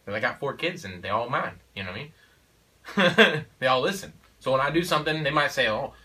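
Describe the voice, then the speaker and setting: A man's voice: mid-range voice, expressive, moderate pace, pushed and bright, far from the mic, poor audio. A man and father of four speaking in a casual conversation, in an emphatic, preachy way with frequent "you know" and "okay?". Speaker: father of four sharing parenting views.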